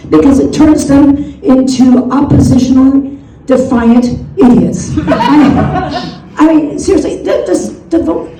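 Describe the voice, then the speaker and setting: A woman's voice: high-pitched, unhurried, dark tone. An older woman, a retired teacher, doing stand-up comedy and laughing through her jokes. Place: comedy club stage. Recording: roomy live stage sound from a distance, audience audible.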